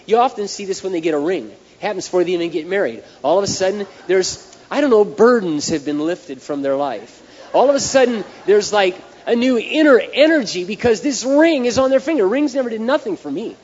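A male pastor preaching a sermon, telling lively stories and counting off numbered points. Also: high-pitched, fairly quick. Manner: animated storytelling, numbered points. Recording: dull echoey hall recording, faint hiss.

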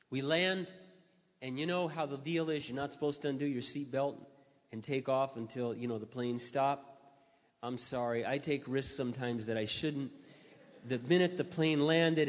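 Brief: lively middle-aged male storyteller, mid pitch, in a dull-sounding echoey hall. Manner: animated, self-mocking storyteller who acts out the dialogue. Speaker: Christian speaker. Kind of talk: storytelling talk.

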